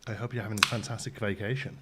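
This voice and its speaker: A man's voice: on the low side, level tone, very fast, very noisy. A man hosting a casual live stream, greeting viewers by name and rambling with ums while out of breath.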